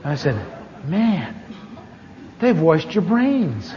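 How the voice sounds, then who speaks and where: A man's voice: on the high side, normal speed, a little hiss or hum. A middle-aged man teaching a class, telling a humorous personal testimony and acting out the voices of the people in his story. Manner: animated, acts out quoted voices. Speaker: church teacher. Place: large church hall. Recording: echoey hall, dull 1980s tape.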